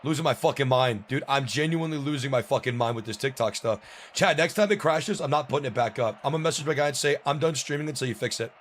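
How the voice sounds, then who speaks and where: A man's voice: medium pitch, lively intonation, fast talker, a little hiss or hum. A young man streaming a game live, ranting with frustration and plenty of swearing as he talks to chat.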